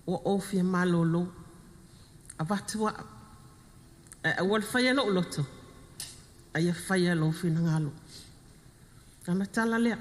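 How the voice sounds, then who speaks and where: A middle-aged Samoan-accented woman speaks at a funeral in halting, heartfelt fragments, moving slowly from one short phrase to the next. Her voice carries a long reverb that rings through the service hall. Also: fairly low pitch. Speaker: widow of the deceased. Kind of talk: funeral eulogy.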